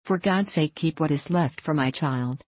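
A woman's voice: deep voice, moderate pace, darkish tone, husky, no room sound. A woman voicing a desperate castaway captain. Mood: pleading. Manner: pleading, anxious. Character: exhausted shipwrecked male captain, desperate father.

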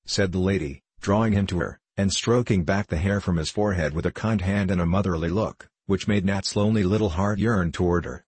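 A man reading a classic children's story aloud in a steady, measured way. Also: low voice, breathy edge, no room sound. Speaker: narrator. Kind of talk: audiobook narration.

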